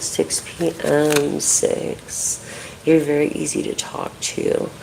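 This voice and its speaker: A card reader on a casual live stream, talking in a deeply gravelly, fry-heavy voice over faint background noise. The delivery rambles and swears at nearly every turn while chatting to viewers by name. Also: wildly swooping pitch, takes it slowly. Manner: profane, swears constantly. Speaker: tarot and oracle card reader.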